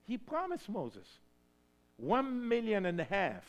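A man preaching a sermon in English, which is not his first language, swinging between loud emphatic cries and hushed storytelling. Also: sits high, huge pitch swings, takes it slowly. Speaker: pastor.

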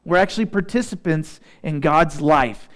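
A man is preaching a sermon, voice somewhat high, reading scripture with slow deliberation. In the gaps he drops into easygoing talk with his listeners. He's a pastor from Southeast Missouri.

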